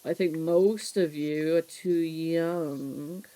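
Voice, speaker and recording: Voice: mid-range voice, extremely slow, low-quality recording. A live streamer in their thirties, chatting casually and reminiscing with viewers, swearing freely and laughing often. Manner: reminiscing, animated storytelling. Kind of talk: casual chat while cleaning on stream.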